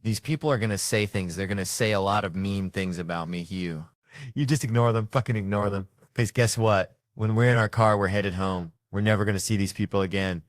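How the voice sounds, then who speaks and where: A middle-aged man telling profane, animated stories as a stand-up comedian. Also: on the low side, fairly quick, no room sound, studio quality. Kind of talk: stand-up storytelling.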